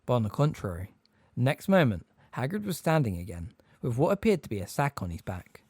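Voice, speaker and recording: A man narrating an audiobook in an expressive, lively storytelling manner on a close mic. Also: medium pitch, fairly quick, slightly rough, no echo.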